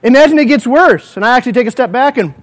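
High-voiced guy pastor preaching in church, earnest prayers, playful what-if stories. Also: lively intonation, fast talker. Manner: storytelling with vivid hypotheticals. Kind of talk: sermon.

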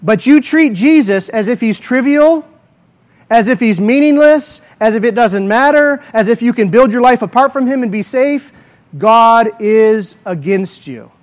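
A male pastor preaching a sermon, emphatic, slowing down to stress key words. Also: extremely high pitch.

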